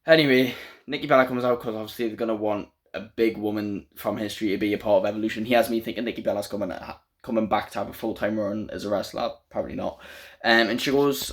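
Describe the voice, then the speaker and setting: A man's voice: lowish voice, fairly even intonation, fast. Opinionated man ranting in a review. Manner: opinionated, ranting, with frequent fillers. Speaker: wrestling show reviewer. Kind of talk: casual spoken review.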